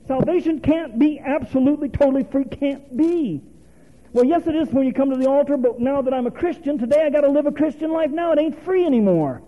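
A man's voice: very high voice, brisk, highs cut off. A male preacher giving a folksy, conversational sermon, quizzing the congregation and chuckling often.

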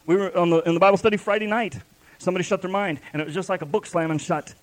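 Guy preaching at church, pretty high voice, fervent and folksy, keeps repeating himself. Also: steady tone, rapid-fire. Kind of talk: sermon.

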